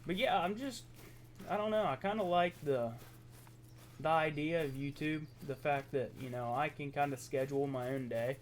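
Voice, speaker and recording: A young man from southeastern Ohio with an Appalachian accent, chatting casually over gameplay, halting and full of ums. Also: a little high, slight background noise. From southeastern Ohio, USA. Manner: rambling, halting, lots of ums and self-corrections. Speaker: gaming YouTuber.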